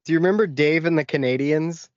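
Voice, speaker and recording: A man's voice: on the high side, fast talker, no room sound. A man co-hosting a podcast in casual chat, laughing often and chiming in with short reactions. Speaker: podcast co-host. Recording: dry, dull lo-fi sound.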